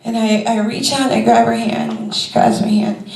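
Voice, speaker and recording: Heard from afar in a roomy club, a woman performs stand-up comedy on stage before a crowd, talking in a loose, conversational way packed with fillers. Her voice is a little high and darkish, with vocal fry, fairly even intonation and normal speed.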